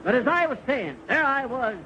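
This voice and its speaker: A boastful folksy yarn-spinner. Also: male voice, very high-pitched, sing-song, moderate pace, bright, forceful tone, highs cut off, heavily acted. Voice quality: folksy, boastful, malaprop-prone. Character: tall-tale-telling blustering middle-aged man. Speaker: boastful storyteller in a radio comedy. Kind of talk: 1940s radio comedy acting. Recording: hissy old radio transcription.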